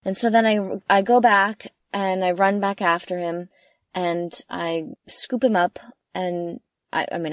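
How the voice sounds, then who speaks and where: Young woman in a camper van telling a road trip story, chatty and excitable, dry close sound. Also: dry recording. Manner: animated, lots of fillers, jumps high when quoting herself. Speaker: travel vlogger. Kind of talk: casual storytelling chat. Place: inside a parked camper van.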